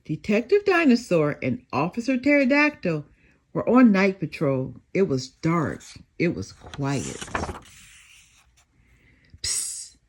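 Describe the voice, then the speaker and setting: A woman's voice: mid-range voice, unhurried. Older woman reading a children's story. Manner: expressive, animated reading. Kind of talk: children's read-aloud.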